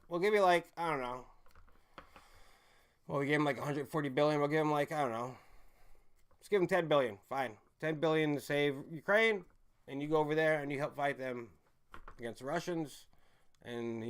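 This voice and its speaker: Guy rambling on his stream, cussing a lot, reading chat out, gets loud then mumbles low. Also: normal speed, long pauses, smooth. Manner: loose, rambling, profane, reads chat comments aloud; swings from loud emphatic bursts to low mumbles. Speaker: livestream host. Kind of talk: casual rambling livestream chat.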